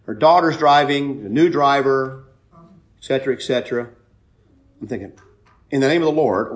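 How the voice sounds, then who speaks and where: A man preaching a sermon, telling a personal story with loud emphatic bursts and quiet asides. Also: medium pitch. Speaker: pastor.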